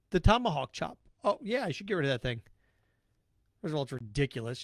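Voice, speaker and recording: A man with a high voice hosts his own sports talk podcast. He rants bluntly and sarcastically, hammering his points over and over. The sound is dry and close, with no room echo. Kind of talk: opinionated solo podcast rant.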